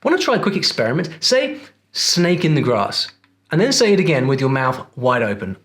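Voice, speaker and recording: A man's voice: fairly high pitch, huge pitch swings, fast talker, a bit bright. A man narrating a scripted video in a playful, teasing way, talking straight to the viewer.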